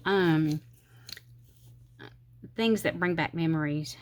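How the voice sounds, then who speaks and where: Chatty Southern woman with a low voice. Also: measured pace. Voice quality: slightly slurred speech. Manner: rambling, talkative, self-deprecating, counts under her breath. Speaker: planner channel host. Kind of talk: casual chatty crafting vlog.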